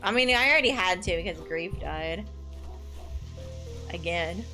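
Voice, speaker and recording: A woman streaming a video game live, excitable, quick to laugh and casual in her speech. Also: lowish voice, soft background music. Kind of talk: live game commentary and reading dialogue aloud.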